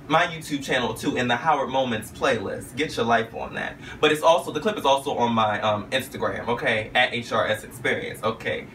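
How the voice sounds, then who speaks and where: Flamboyant male vlogger, very animated sassy storyteller, bright voice, sits a bit off-mic with faint hum. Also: recorded from a distance. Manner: flamboyant, sassy, keeps adding "okay?" and "honey"; jumps into high squeals when quoting himself. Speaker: vlogger recounting a talk show visit.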